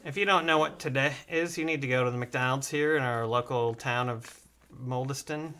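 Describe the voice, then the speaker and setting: A man's voice: mid-range voice, normal speed, bright, forceful tone. A man hosting a comedic livestream, joking and acting out both sides of his stories. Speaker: stream host.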